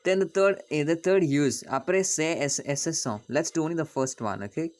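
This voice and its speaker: A man's voice: fairly high pitch, brisk. A man teaching a French grammar lesson to students, patient and repetitive, often checking in with "okay?".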